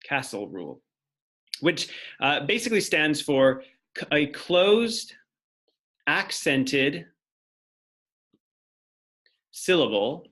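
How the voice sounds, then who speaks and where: A man's voice: fairly high pitch, lively intonation, extremely slow, pauses often, a bit bright. Man, teacher, lecture, explains step by step, writes as he talks. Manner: explanatory, thinks aloud while writing on a board. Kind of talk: classroom lecture.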